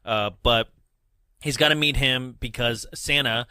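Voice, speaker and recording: A young man co-hosting a podcast in casual chat, laughing often and talking in quick bursts. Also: mid-range voice, fairly even intonation, sharp tone, clean tone, no room sound, clean studio sound. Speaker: podcast co-host.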